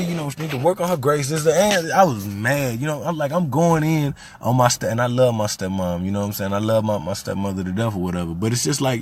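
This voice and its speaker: A man's voice: medium pitch, expressive, fairly quick. A man in his thirties from Little Rock, Arkansas, hosting a podcast in a loose, conversational storytelling style that gets heated and emphatic. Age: 30s. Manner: loose and conversational, turns heated and emphatic when recounting frustrations. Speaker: podcast host. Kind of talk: casual storytelling monologue.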